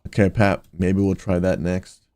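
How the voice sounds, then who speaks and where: Deep-voiced pastor streaming a game. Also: male voice, little pitch movement, moderate pace, dark tone, smooth, no echo. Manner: upbeat, talks straight to chat, slips into preaching. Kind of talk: casual livestream chat while gaming.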